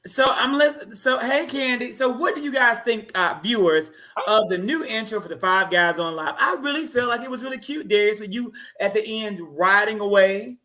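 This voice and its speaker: A man with a high, bright voice hosts a casual online talk show. He talks in an animated, joking way and teases his co-hosts. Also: moderate pace. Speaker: show host.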